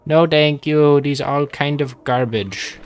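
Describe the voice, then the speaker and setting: A man's voice: a little high, steady tone, measured pace, smooth. A young man casually commenting on his own gameplay, rambling and joking, with sudden panicky outbursts. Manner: rambling, jokey, panicky bursts. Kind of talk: casual let's-play commentary.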